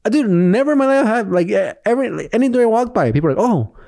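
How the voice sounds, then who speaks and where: Guy on a podcast telling a story, kinda high voice, acts out everybody's lines, swears a lot. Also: rapid-fire, vocal fry. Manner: animated storytelling, acting out quotes, frequent swearing. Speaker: podcast co-host. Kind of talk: casual chat.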